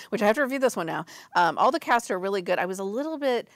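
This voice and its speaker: A woman's voice: mid-range voice, expressive, quick pace, fairly bright tone, no room sound. A woman co-hosting a film review show, giving opinionated takes in casual chat. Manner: opinionated, talks over her co-host.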